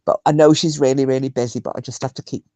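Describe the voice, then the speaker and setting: A woman's voice: extremely low pitch, fairly even intonation, quick pace, mellow, dry recording. A woman from Scotland chatting casually on a livestream, rambling and answering viewers' comments. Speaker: livestream host. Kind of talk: casual chat with live chat viewers.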